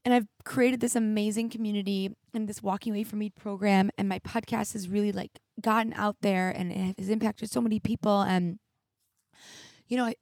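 Her medium-pitched voice stays steady and fairly quick, with a slightly mellow quality, as this young woman hosts an emotional solo podcast monologue. She speaks frankly and reflectively, at times teary, repeatedly saying "like." The recording is dry and clean, from a studio mic with headphones.

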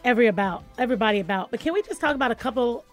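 Playful woman radio host, slightly high. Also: racing, faint music behind. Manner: playful, teasing, animated. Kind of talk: casual radio chat. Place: radio studio.

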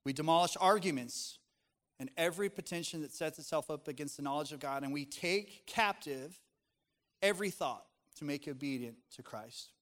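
Male pastor, middle-aged, earnest conversational sermon delivery, slightly higher voice. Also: normal speed, fairly bright tone, big-room sound. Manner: earnest, conversational preaching with scripture readings.

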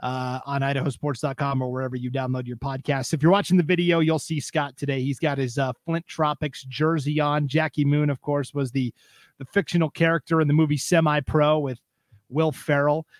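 A young adult man hosting a casual high school sports podcast, upbeat and joking with his co-host. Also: level tone, brisk, no echo.

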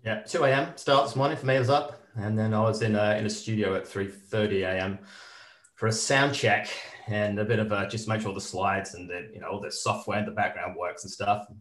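A man from the north of England with an Australian-tinged northern English accent, an energetic, jokey guest in a casual interview. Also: lowish voice, fairly quick. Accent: northern English with an Australian influence. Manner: energetic, jokey, laughs often. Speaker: podcast guest, corporate educator. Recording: roomy echo.

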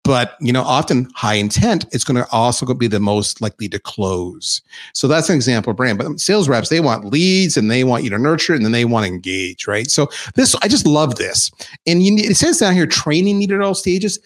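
A man's voice: mid-range voice, animated, fairly quick. A man presenting slides in an informal, emphatic business talk, speaking as a chief revenue officer.

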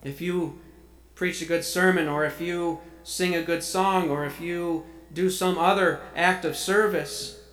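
A man's voice: fairly high pitch, fairly even intonation, a little slow, a bit bright, reverberant, faint music behind, rough recording. A man preaching a sermon, reading scripture aloud and explaining it earnestly. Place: church sanctuary.

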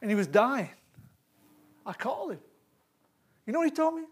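A man preaching a sermon, swinging from loud, animated calls to hushed asides and laughing between points. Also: very high-pitched, normal speed, breathy edge.

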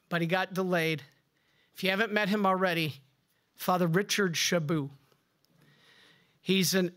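Slow, emphatic preaching priest. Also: male voice. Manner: emphatic preaching, pushing key words higher and louder. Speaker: Catholic priest. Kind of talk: rousing sermon to a live congregation.

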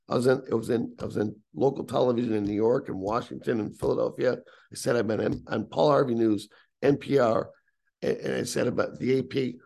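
An American man in his sixties tells a story from his youth in a lively, conversational way. He has a gravelly texture in his voice and slips into the voices of the people he quotes. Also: mid-range voice. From United States. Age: 60s. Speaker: guest.

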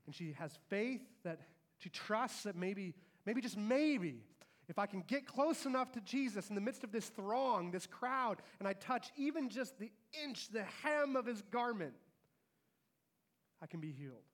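A man's voice: high-pitched, expressive, a little slow, a bit bright. A man, a father and pastor, preaching a sermon to his church and animatedly acting out the lines of the story he tells.

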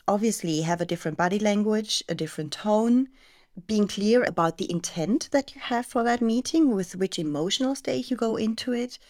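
A woman's voice: lowish voice, a little mellow. Woman podcast host, earnest and thoughtful, bit of non-native phrasing. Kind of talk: interview questions and commentary.

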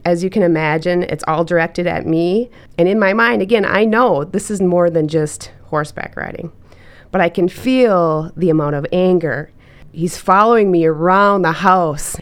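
Middle-aged woman, single mom, earnest personal story; low, smooth voice. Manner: earnest, reflective, candid. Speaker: single mother sharing her story.

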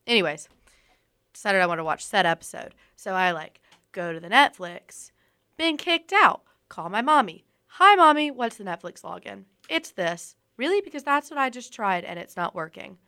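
A woman's voice: lowish voice, pushed and bright, smooth. A young woman co-hosting a podcast in casual chat, telling stories and laughing often. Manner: chatty storytelling, laughing often. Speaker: podcast co-host.

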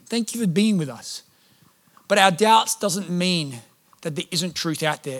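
A man's voice: fairly high pitch, fairly bright tone. A man preaching a sermon as a pastor, conversational and humorous, telling stories with animation.

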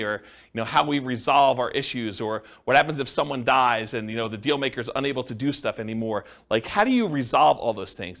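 A man's voice: medium pitch, creaky, fairly bright tone. A man giving a conversational classroom lecture on real estate partnerships, checking in with his listeners and using many fillers. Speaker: real estate investing instructor.

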